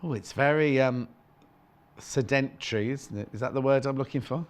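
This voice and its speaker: At a moderate pace and medium pitch, a British man hosts a live TV shopping show in a studio. Wearing a clip-on mic, he reads out fabric prices while playfully teasing his co-host.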